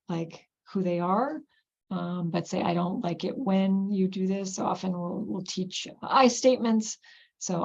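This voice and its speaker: Woman with a gravelly, dull-sounding voice. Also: medium pitch, a little mellow. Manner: conversational, explanatory, with frequent fillers and restarts. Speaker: clinician presenter. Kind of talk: online teaching presentation.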